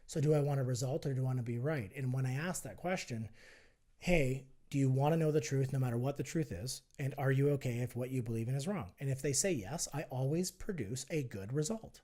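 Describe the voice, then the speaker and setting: A male podcast guest, a health and fitness entrepreneur, persuades in casual talk while acting out both sides of an argument. He speaks a little fast in a mellow, mid-range voice.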